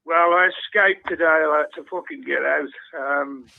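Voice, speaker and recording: A man's voice: a little high, moderate pace, creaky. A man calling into a phone-in show, telling a rambling story with heavy swearing. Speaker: caller. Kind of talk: phone-in call. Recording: phone line.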